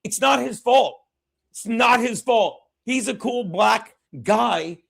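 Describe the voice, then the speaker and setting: A man's voice: very high voice, slow pace, vocal fry, a bit bright. A man hosting a podcast, chatting casually and bluntly, rambling and swearing often. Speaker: podcast host. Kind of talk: casual, profane chat.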